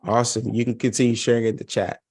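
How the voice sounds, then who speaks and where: A man's voice: mid-range voice, level tone, quick pace, darkish tone. Earnest male trainer leading an online session. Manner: earnest, emphatic, addresses listeners directly.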